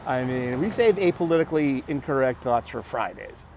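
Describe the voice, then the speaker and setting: Man at a bus stop talking off the cuff, halting and joking, over loud traffic noise. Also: medium pitch, sing-song, creaky. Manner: halting, restarts words, jokey asides. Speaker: vlogger. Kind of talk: casual rambling monologue. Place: outdoors at a bus stop by a street. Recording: busy street noise around the mic. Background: passing traffic.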